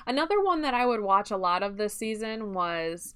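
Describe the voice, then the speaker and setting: A woman's voice: mid-range voice, big pitch swings, moderate pace, a bit bright, clear, resonant tone. A young woman with a Midwestern accent, chatting casually and rambling while she streams a game, often breaking into laughs.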